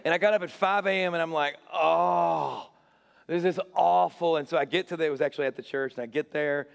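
A man's voice: fairly high pitch, fairly even intonation, very fast, a bit bright. A middle-aged man preaching as a pastor, telling stories with acted-out quotes and self-mocking humor. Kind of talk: sermon. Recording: long hall reverb.

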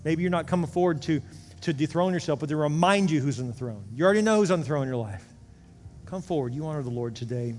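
A man preaching as a pastor, leading an altar call and prayer, swinging from emphatic peaks down to hushed, quiet pleading. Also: a little high, animated, fast talker. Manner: impassioned, rises to emphatic peaks then drops to hushed prayer. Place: large church sanctuary. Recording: long reverb of a big hall, faint ambience.

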